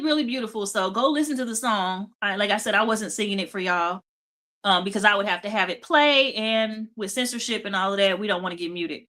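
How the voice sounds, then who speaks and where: A woman's voice: medium pitch, sharp tone. A woman hosting a casual devotional talk. She sounds tired and keeps checking in with her listeners by asking "okay?" and "right?". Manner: chatty, repeats "okay?" and "right?". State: tired, yawning. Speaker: host of a devotional talk show.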